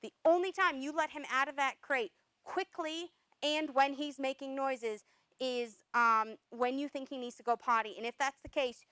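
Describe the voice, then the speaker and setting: A woman dog trainer explaining commands step by step, breaking off to give sharp corrective noises and praise. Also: high-pitched, steady tone, normal speed, no echo, rough recording. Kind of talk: instructional demonstration.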